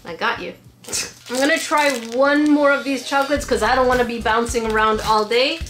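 A young woman from Quebec chatting excitedly to camera as she unboxes fan mail at home. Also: sits high, fairly quick, faint music behind. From Quebec, Canada. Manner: chatty and excitable, laughs often. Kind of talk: casual chat to camera. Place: room at home. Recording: echoey room.

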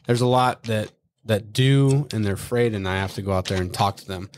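A man, a former Marine recruiter, telling profane, animated stories in a casual podcast chat. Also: lowish voice, fairly quick, slight background noise. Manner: profane, animated storytelling with acted-out quotes.

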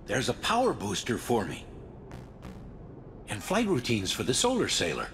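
An actor playing an earnest digital program hero in a video game, speaking steadily. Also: male voice, mid-range voice, huge pitch swings, moderate pace, fairly bright tone, slight background noise.

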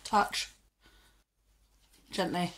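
Recorded on a phone at home, a woman vlogger talks very slowly in a slightly bright voice, with light background noise and poor audio quality. Unboxing dog treats, she chats casually while training her dog, reading ingredient lists aloud and giving it short commands.

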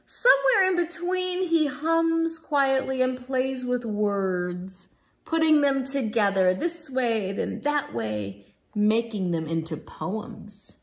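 A woman reading a picture book aloud for children, slow and expressive. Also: high voice. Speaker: storybook reader.

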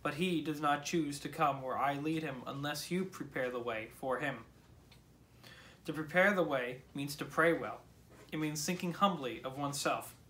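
Man, pastor, morning prayer, measured solemn reading, slightly high voice. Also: sharp tone.

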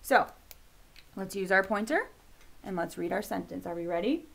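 A woman teaching a kindergarten video lesson, upbeat and encouraging, slowly sounding out letters for young children. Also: mid-range voice, expressive, creaky, slight background noise.

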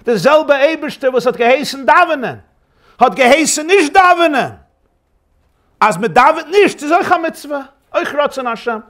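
A man's voice: very high-pitched, lively intonation, moderate pace, a bit bright, voice pushed up. A man voicing a joyful, fervent old Hasidic rabbi who exclaims with urgency. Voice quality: urgent, exclaiming, mixes in Yiddish.

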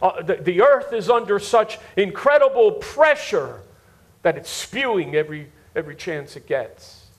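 A pastor preaching a sermon to a live congregation, repeating words for emphasis and asking the listeners directly if they follow him. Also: male voice, high voice, sing-song, moderate pace. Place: church before a live congregation.

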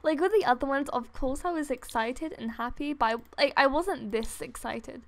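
Young woman gamer, high voice, breathless and giddy, keeps breaking off to gasp and giggle, desktop mic at home. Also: normal speed. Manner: giddy and breathless, laughing, gasping and trailing off. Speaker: gaming YouTuber. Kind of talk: excited gameplay commentary. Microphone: desktop USB microphone.

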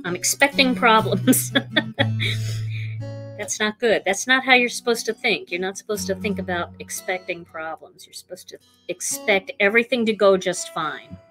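A woman's voice: medium pitch, a little slow, fairly bright tone, faint music behind. A woman hosting a live crafting demonstration, chatting with her viewers as she works. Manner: chatty, talks to viewers while working. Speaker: craft show host.

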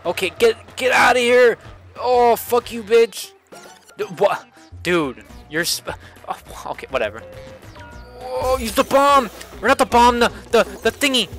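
A young man giving excitable, swearing commentary while playing a kart racing game, often jumping up into high yelps. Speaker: gaming channel host. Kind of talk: let's play commentary.

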